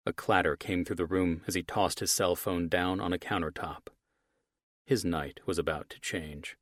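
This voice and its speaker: A man narrating an audiobook in the first person, with a gruff delivery that drops to a low mutter on curses. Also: steady tone, moderate pace, dry recording, clean studio sound. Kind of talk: scripted narration.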